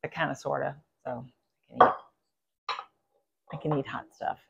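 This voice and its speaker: A woman's voice: a bass voice, steady tone, moderate pace, creaky, highs cut off, heavy background noise. Chatty woman hosting a cooking video. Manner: chatty, enthusiastic, gushing over food. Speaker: cooking channel host. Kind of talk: casual cooking video chat.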